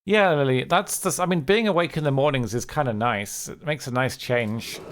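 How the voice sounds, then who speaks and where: A man live-streaming a game, chatting casually in a candid, low-key, downbeat way. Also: normal speed. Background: game music.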